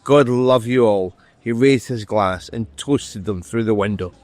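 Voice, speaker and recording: A middle-aged author reading from his novel and chatting as a guest, wry and quick to correct himself, recorded outdoors by a street. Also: lowish voice, a little mellow, no echo. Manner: dry, wry and self-correcting. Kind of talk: reading aloud from a novel, then casual conversation.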